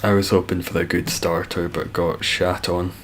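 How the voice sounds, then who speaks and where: A deep, low-pitched Scottish man talking easily on a live stream, answering his chat in a laid-back way and swearing now and then. A faint hum of ambient noise sits behind him. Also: flat delivery, normal speed. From Scotland. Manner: laid-back, swears casually, reads chat aloud and chuckles.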